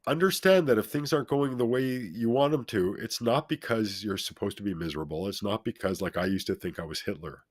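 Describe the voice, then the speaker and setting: A man with a fairly low voice, recorded dry and close with no room sound. He speaks as a guest in an earnest, motivational way. He leans on repetition to drive his points home. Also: brisk, hardly any pauses, no echo. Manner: emphatic, repeats phrases for effect.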